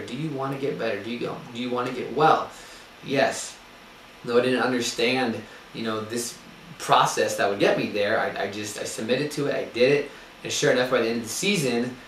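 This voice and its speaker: A man's voice: medium pitch, fairly bright tone. A young man giving an earnest sermon-style talk, with frequent ums and restarts. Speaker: speaker giving a spiritual talk. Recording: echoey room, distant mic, faint noise.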